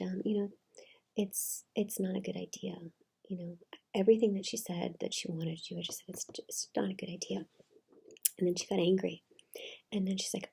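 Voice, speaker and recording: Soft-spoken breathy woman with gravelly tone. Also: on the low side. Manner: soft, half-whispered retelling with many fillers. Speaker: channel host. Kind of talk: personal storytelling.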